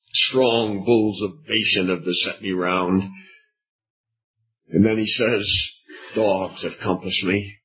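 A man preaching an evening sermon, slow and dramatic, with long pauses and repeated phrases. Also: fairly low pitch. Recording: dull lo-fi recording.

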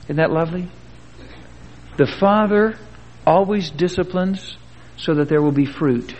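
A man's voice: fairly high pitch, measured pace, pauses often, a little mellow. A man preaching a sermon in a folksy, earnest way, with rhetorical questions and homespun stories. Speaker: pastor. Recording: dull old recording in a reverberant hall.

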